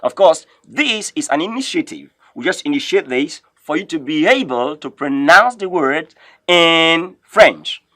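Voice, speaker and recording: A man leads a French pronunciation lesson and says each word several times so learners can copy it. His voice sits somewhat high. The sound is dry and close, and he keeps coming back to "of course". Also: expressive, pushed and bright, no room sound. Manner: repeats words slowly for learners to copy. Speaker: French teacher. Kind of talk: classroom lesson, teaching pronunciation.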